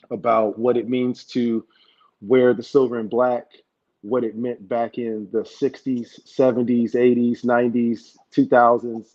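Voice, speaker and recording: A male host with a mid-pitched voice, building up the episode slowly and deliberately. His audio sounds dull and muffled. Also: mellow, dry recording. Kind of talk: show introduction and interview.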